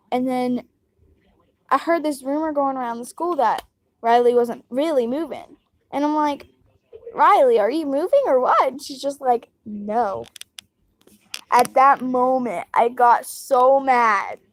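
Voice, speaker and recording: A young woman casually telling a personal story, rambling and acting out what others said. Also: a little high. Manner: rambling, retelling dialogue with quoted voices.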